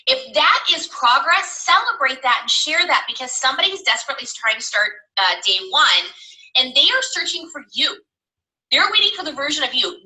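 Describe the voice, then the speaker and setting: High, bright woman speaking passionately. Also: rough recording. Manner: passionate, emphatic. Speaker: guest. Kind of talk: casual chat.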